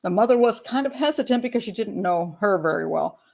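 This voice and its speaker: A woman's voice: mid-range voice, expressive, a little fast, creaky, a little mellow. An older woman, a criminal profiler, giving chatty, blunt true crime commentary with sarcastic asides.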